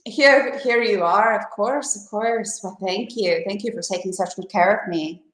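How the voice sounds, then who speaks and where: A woman's voice: medium pitch, moderate pace, roomy sound, lightly acted, rough recording. A woman voicing an aging town mayor who speaks politely and fussily, with stumbles. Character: disguised as the elderly town mayor, fussy and flattering.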